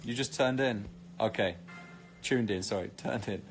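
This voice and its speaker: British guy on a live stream, lowish voice, joking around, tv audio faint behind. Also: normal speed, soft background music. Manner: cheeky, joking banter. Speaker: actor streaming live to fans. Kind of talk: casual live-stream chat, reading comments.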